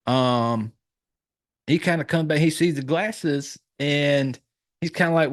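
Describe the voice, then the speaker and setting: A man's voice: a little high, measured pace, pauses often. A man with a Southern US accent, hosting a podcast and recapping a horror film in casual chat, swearing a lot and acting out the characters' lines as he goes. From Southern United States. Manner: profane, animated storytelling with acted-out quotes.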